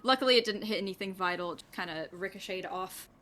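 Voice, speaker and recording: A woman's voice: medium pitch, fast talker, a bit bright. A woman running a tabletop game as game master, casual and a little apologetic.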